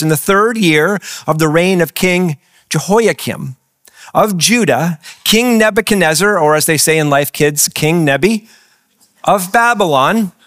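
A man preaching a sermon to a church across several campuses, in a fairly high voice. He keeps the congregation engaged with questions and calls for responses. The sound is dry and close, with little room echo. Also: a bit bright. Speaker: pastor.

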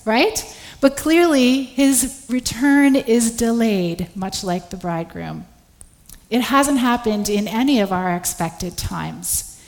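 A woman giving a sermon, telling stories and acting out the voices of the people in them. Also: medium pitch. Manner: storytelling, acts out quoted voices. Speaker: preacher. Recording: long hall reverb.

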